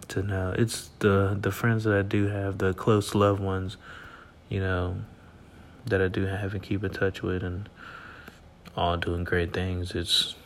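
At home late at night, a man hosts a casual solo podcast in a low, gravelly voice with a faint hiss or hum. He rambles in a laid-back way, full of fillers and frequent laughs, sounding sleepy and yawning.

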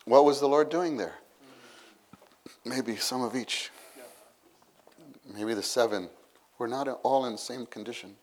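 A man preaching a sermon, retelling a story with lively acted-out exclamations and asides to the listeners. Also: medium pitch, unhurried, pauses often. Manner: animated storytelling, acts out scenes with exclamations.

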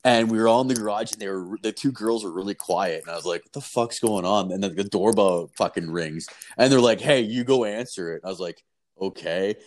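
A man's voice: fairly low pitch, fairly quick. A young man from Canada telling rambling stories in casual chat, full of swearing and fillers.

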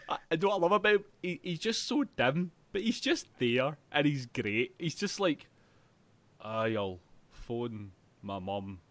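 A man chatting about films on a podcast, animated and laughing a lot. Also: on the high side, moderate pace, no room sound. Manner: animated, laughs often, acts out scenes loudly. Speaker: podcast co-host. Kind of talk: casual film chat.

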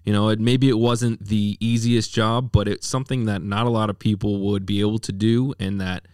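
Male interview host, supportive and easygoing; somewhat low voice, dry recording. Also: steady tone, brisk, a little mellow, clean tone, no room sound. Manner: supportive, short acknowledgements. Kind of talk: casual interview questions.

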